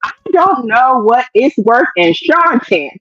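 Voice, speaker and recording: Woman co-host, lively recap chat, acts out scenes in voices, a little lo-fi. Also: a little high, slow. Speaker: show co-host.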